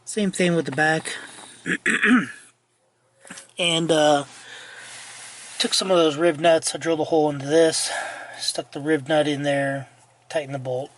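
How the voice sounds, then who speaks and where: A middle-aged man giving a rambling, casual walkthrough of his truck restoration inside the cab, his throat dry so he keeps clearing it, with many fillers and restarts. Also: on the high side, fairly even intonation, measured pace, pauses often, a bit bright. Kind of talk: casual work-in-progress walkthrough.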